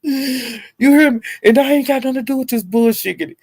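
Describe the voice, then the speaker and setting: A woman hosting a casual livestream, calling out viewers by name, laughing often, cursing freely and swinging between loud outbursts and low mutters. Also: moderate pace, no echo, studio quality. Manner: talks straight to chat viewers by name, laughs a lot, heavy cursing. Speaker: livestream host.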